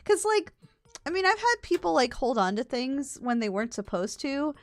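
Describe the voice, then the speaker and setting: High, lively young woman, dry sound. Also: normal speed, dry recording. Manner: candid, exasperated anecdotes. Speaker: guest, former theme park ride worker. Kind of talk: casual chat.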